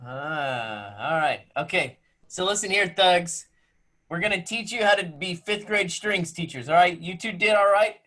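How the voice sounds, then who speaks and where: A man's voice: sits high, expressive, moderate pace, few pauses, pushed and bright. A man teaching music to a class of children over a video call from home. He jokes and teases as he gives step-by-step instructions. His voice comes through a laptop microphone. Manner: playful, teasing, joking with young students.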